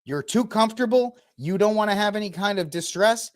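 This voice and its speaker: A man's voice: sits high, expressive, fairly quick. Fiery, indignant male commentary host. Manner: fiery, indignant ranting with repeated blame. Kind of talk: heated solo commentary.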